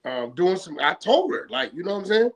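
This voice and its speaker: High-voiced man telling a street story. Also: big pitch swings, a little fast. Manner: streetwise slang, keeps checking in with "right?"; retells a story by acting out both sides of a phone call. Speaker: guest. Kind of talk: casual storytelling interview.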